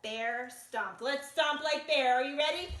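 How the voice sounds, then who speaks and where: A woman reading a picture book aloud to children in an animated, encouraging way and asking them to join in. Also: high-pitched, a little slow. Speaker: storytime reader. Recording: echoey room.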